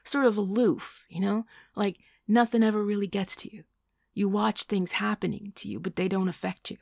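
A woman's voice: mid-range voice, normal speed, vocal fry, a little mellow, no room sound, studio quality. A woman voicing a blunt, evasive man who hesitates and then speaks frankly about a breakup.

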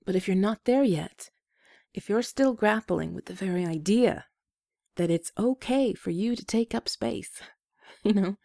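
Woman, advice host, gravelly fry, dry close sound, gentle self-deprecating talk. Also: mid-range voice, dry recording.

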